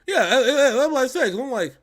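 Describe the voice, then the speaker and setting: A man's voice: extremely high pitch, fast. A man co-hosting a reaction show, bantering casually and joking over a video call. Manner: animated, joking, big swings in loudness.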